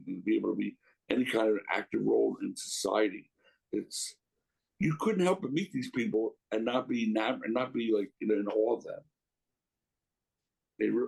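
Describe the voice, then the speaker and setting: A man's voice: lowish voice, gravelly, a little mellow, husky, poor audio. A middle-aged man, a guest reminiscing in a casual interview, rambling and emotional with many restarts.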